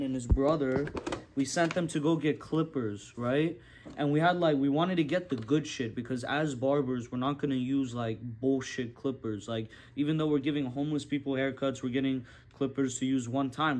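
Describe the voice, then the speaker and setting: A man who works as a barber, hosting a casual vlog in a profane, animated, ranting way. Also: medium pitch, noisy background.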